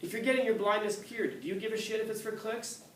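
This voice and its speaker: A man's voice: high-pitched, fast, slight background noise. A man teaching a class, telling stories with acted-out quotes and frequent laughter. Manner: animated storytelling, acts out quotes, laughs often. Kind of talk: classroom lecture with anecdotes. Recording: echoey classroom from a distance.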